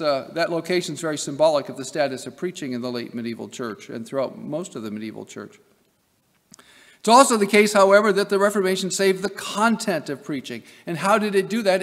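Male professor from Nebraska, high gravelly voice, lecturing emphatically in a hall with long reverb. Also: expressive, fairly quick. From Nebraska, USA. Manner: emphatic, with wry asides. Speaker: seminary professor giving a lecture. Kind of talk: academic lecture.

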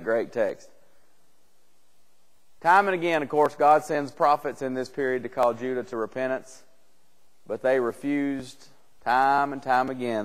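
An earnest man leads a church Bible class in a plain, conversational voice. He often doubles back on words as he builds each point. The sound has a long reverb from the church room. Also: medium pitch.

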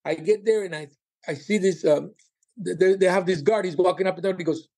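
Male comedian guest, higher voice, animated raconteur, frequent laughter. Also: fairly quick. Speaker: comedian and former cruise director. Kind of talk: casual interview storytelling.

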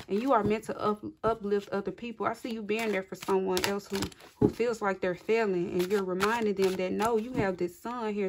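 Female tarot reader, warm and effusive, chatting directly to viewers over audible card shuffling. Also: medium pitch, noisy background. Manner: effusive and encouraging, often laughing, addresses viewers directly. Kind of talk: casual tarot reading to viewers.

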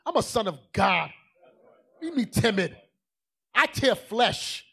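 A man preaching a sermon in a colloquial, emphatic way, dropping to low asides and then rising to shouts. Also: very animated, slow, gravelly, breathy edge.

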